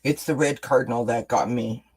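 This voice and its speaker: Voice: medium pitch, fairly even intonation, normal speed, darkish tone, husky, poor audio. A tarot card reader giving a casual live-streamed reading, chatty and encouraging, with self-deprecating asides between cards. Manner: chatty, encouraging, responds to chat comments.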